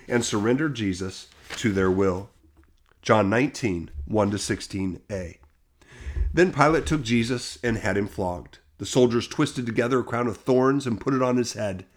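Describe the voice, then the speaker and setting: A man reading Bible passages aloud in a steady, measured way, lightly voicing the quoted lines. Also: medium pitch. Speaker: scripture reader.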